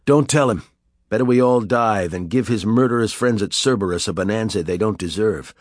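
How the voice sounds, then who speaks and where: A man's voice: fairly low pitch, fairly quick, no room sound, lightly acted. Brief: wry, unflappable hero, read by a male narrator, slightly raised, dry close sound. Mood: defiant. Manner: calm, dry, cutting.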